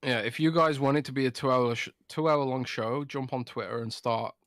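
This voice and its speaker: A man's voice: medium pitch, steady tone, brisk, fairly bright tone, dry recording, clean studio sound. A man co-hosting a casual podcast chat, drunk and slurring his words, talking in a loose, rambling, sweary way. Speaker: podcast co-host.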